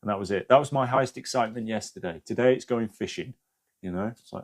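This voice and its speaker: A man's voice: fairly low pitch, fast. A man hosting a live stream, giving casual spiritual advice to viewers, swearing freely and often checking in with "yeah?".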